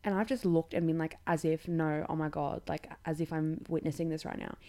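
Young Australian woman hosting a podcast; low, mellow voice, blunt sweary storyteller who laughs mid-sentence. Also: fairly even intonation, fairly quick. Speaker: podcast host. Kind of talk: casual comedic storytelling.

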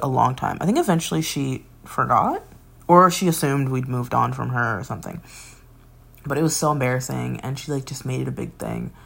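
A woman's voice: low voice, vocal fry. A woman in her twenties hosting a podcast, telling a candid, rambling personal story into a phone with sighs, laughs and curses. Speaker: podcast host.

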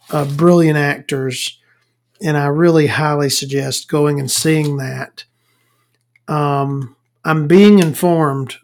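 A woman's voice: low-pitched, a little mellow. A woman hosting a podcast, talking in a casual, rambling monologue that is full of swearing and stumbles. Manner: rambling and profane, stumbling over words. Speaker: podcast host.

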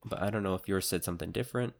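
Very deep-voiced hesitant man. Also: rapid-fire, creaky. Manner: hesitant, rambling, full of likes and restarts. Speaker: podcast co-host. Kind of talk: casual chat.

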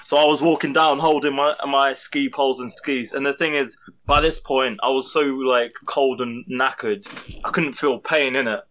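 A man's voice: medium pitch, fairly even intonation, moderate pace, a bit bright, slight background noise. A young man, a podcast co-host animatedly telling a story among friends, swearing and laughing as he goes.

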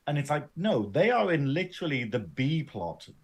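A man co-hosting a casual podcast, excitable and sweary, tripping over his own restarts. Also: on the high side, moderate pace, breathy edge. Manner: animated, stumbling restarts, sweary. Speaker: podcast co-host.

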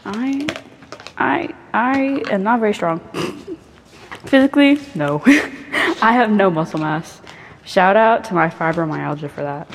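A woman's voice: mid-range voice, animated, takes it slowly, long pauses, a little hiss or hum. A young woman chatting casually in a crafting vlog while painting on her bed, rambling, profane and self-mocking, close to the mic. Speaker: vlogger.

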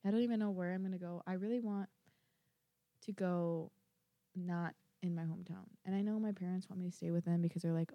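A woman's voice: on the low side, fairly even intonation, brisk, dry recording, highs cut off. A young woman from Minnesota chatting casually about college life, rambling with lots of fillers. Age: young adult. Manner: rambling, filler-heavy, self-deprecating. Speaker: college student vlogger. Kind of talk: casual chat.

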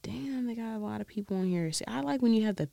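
A woman's voice: fairly high pitch, fast, vocal fry, warm tone, dry recording. Chatty woman rambling, dry recording. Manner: chatty, rambling, laughs often; tries a weak British accent. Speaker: vlogger. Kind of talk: casual chat.

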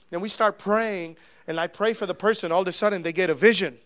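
A male pastor preaching a sermon, telling personal stories in a lively way and acting out the dialogue in them. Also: sits high, fast talker, hardly any pauses, clear, resonant tone, dry recording. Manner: animated storytelling, acting out quoted dialogue.

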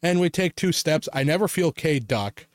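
A man's voice: on the high side, normal speed, no room sound, studio quality. Swearing, laughing young man telling stories. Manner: swears a lot, laughs often, animated storytelling. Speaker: podcast co-host. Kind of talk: casual chat.

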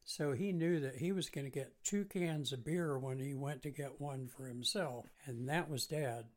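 A man co-hosting a recovery podcast, telling relaxed family anecdotes in a casual chat. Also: mid-range voice, normal speed. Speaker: podcast co-host.

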